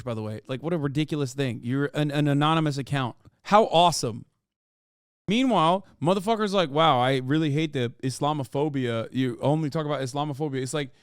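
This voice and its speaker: Sharp-voiced man ranting hard. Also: fairly high pitch, clean tone, no echo, clean studio sound. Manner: profane, exasperated, mocks others in put-on voices. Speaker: streamer reacting to a video. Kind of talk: heated livestream rant.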